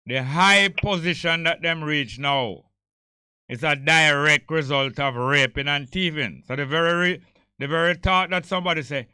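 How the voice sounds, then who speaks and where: A man's voice: on the high side, moderate pace, sharp tone, clean tone, no echo. A man with a Jamaican accent hosting a talk radio show, telling stories and slipping between patois and English. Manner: storytelling, mixing patois and English. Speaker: radio host. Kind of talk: casual talk radio discussion.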